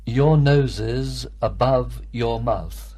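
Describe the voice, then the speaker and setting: A man giving measured full-sentence answers in a scripted English drill. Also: mid-range voice, dark tone, husky.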